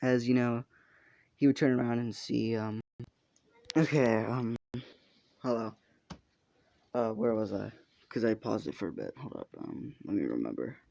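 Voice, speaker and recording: A man tells an improvised fan story, rambling with many fillers and casual swearing. His voice is gravelly and mellow. The recording is muffled and lo-fi. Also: medium pitch, lively intonation, unhurried, pauses often. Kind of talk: improvised fan-fiction narration.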